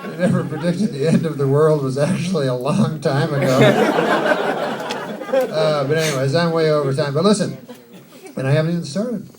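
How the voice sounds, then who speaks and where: Man doing rambling stand-up in a loud hall. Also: on the high side, normal speed, long pauses. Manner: rambling, deadpan, profane. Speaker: stand-up comedian. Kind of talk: stand-up set. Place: large hall, live audience. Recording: distant live mic, loud crowd and noise.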